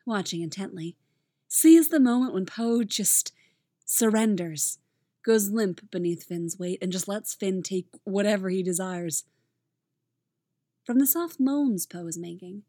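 A woman reading fan fiction aloud in a gentle, intimate storytelling manner. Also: mid-range voice, no echo, studio quality. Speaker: audiobook reader.

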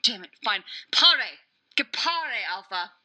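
A woman reading the lines of a proud, quick-tempered male clone commander in a clipped, gruff way. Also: on the low side, pushed and bright, poor audio. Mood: angry.

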